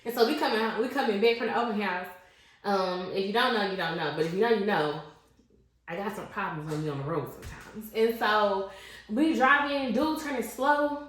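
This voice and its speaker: A woman's voice: medium pitch, normal speed. A woman in her twenties telling a personal story in casual, slangy podcast chat. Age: 20s. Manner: animated, candid, slangy storytelling. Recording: very echoey room.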